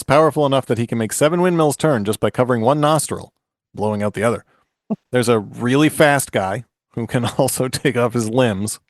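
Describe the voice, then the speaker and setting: A man's voice: mid-range voice, no room sound, studio quality. A man in his forties casually retelling a fairy tale on a podcast, joking and laughing often as he goes. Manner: jokey, laughs often, restarts a lot. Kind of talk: casual chat and comic story retelling.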